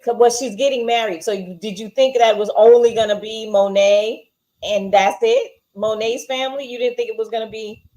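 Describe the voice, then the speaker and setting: Her voice is a little high, warm, and steady, moving at normal speed as she co-hosts an informal TV episode review. Firm in her opinions, she lays out her reasoning and challenges her co-host, over poor-quality audio.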